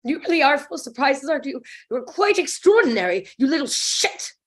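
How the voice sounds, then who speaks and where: A woman's voice: sits high, sing-song, brisk. A woman reading a proud, jealous young opera singer in a table read, speaking in a cutting, sarcastic way. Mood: bitter.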